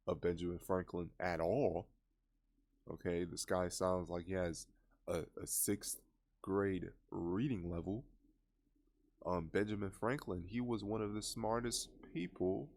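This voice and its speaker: Low gravelly dude ranting about a trailer, scoffing, fed up. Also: male voice, darkish tone. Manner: scoffing, exasperated. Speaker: commentator reacting to a trailer. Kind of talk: casual reaction commentary.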